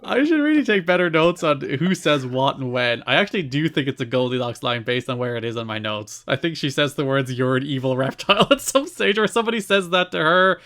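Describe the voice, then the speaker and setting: Man in his 30s, podcast co-host, bright forceful tone, lively and upbeat, casual chat. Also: fairly high pitch, a little fast, few pauses. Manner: reads show listings in a lively, upbeat way.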